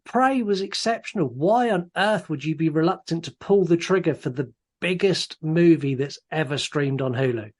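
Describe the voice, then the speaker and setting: Male podcast host, fairly high voice, blunt, swears in casual film chat. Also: moderate pace, few pauses. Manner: blunt and swears freely, with many "um"s. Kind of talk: casual chat about films.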